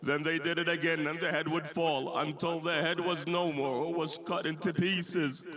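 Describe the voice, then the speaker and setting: A man's voice: on the high side, little pitch movement, normal speed, a crowd in the background. Solemn man narrating a sermon. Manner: solemn storytelling with quoted exchanges. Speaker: speaker at a mourning gathering. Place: mosque hall with a congregation.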